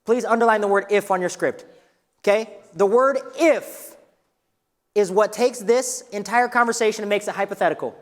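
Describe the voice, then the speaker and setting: A man teaching a live real estate workshop in an energetic, coaching way, asking the room questions. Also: high voice, normal speed. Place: training room with a live audience. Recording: long reverb of a hall.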